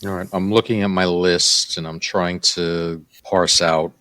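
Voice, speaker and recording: Man, trivia contestant, low-ish voice, hesitant, thinking aloud, dry. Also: flat delivery, unhurried, a bit bright, no echo. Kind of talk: casual game chat.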